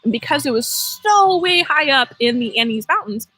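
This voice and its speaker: A woman's voice: sits high, normal speed, soft background music, low-quality recording. A woman hosting a casual live-stream lesson outdoors by her vegetable garden, talking playfully and straight to her viewers. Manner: animated, playful, addresses viewers directly. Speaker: host teaching kids about gardening.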